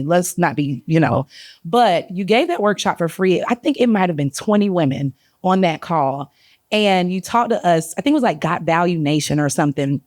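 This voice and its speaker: A woman's voice: fairly low pitch, a little mellow, dry recording. Effusive Southern woman, dry mic. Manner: candid, effusive, grateful. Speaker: audience member. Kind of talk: audience comment at a panel.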